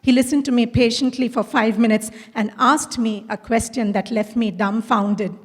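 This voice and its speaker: A woman's voice: a little high, steady tone, moderate pace. A middle-aged woman from India, a school principal, telling personal stories at a conference talk and acting out the dialogue. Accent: Indian English. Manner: storytelling, acts out quoted dialogue. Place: large conference hall. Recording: long hall reverb.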